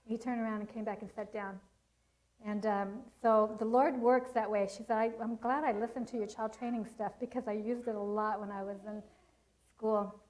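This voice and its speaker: A middle-aged woman telling lively stories about training children to a church audience, laughing often and acting out what people said. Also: medium pitch, moderate pace, low-quality recording. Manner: animated storytelling, laughs often, acts out quotes. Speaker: Christian child-training speaker. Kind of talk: storytelling talk to a church audience.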